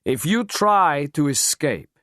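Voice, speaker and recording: A cold, arrogant crime boss speaking slowly and threateningly, as a man reads him in an audiobook. His pitch swings widely between lines. The recording is dry and close. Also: sing-song, fairly bright tone, no room sound, full character voice. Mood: menacing. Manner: slow, threatening.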